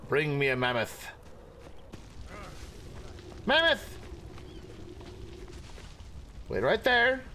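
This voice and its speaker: A man's voice: fairly high pitch, wildly swooping pitch, slow, sharp tone, a little hiss or hum. A man playing a video game and giving goofy running commentary, chatting to animals and yelping in panic. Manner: goofy, talks to animals, sings and yelps. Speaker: gaming streamer. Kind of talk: playful let's-play commentary.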